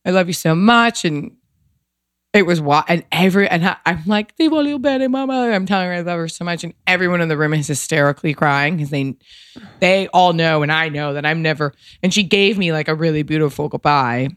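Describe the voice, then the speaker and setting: A woman's voice: sits low, brisk, fairly bright tone, no room sound. Woman guest rambling through an emotional story, fillers everywhere, dry close mic. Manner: emotional, rambling, lots of "like" and restarts. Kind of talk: casual storytelling.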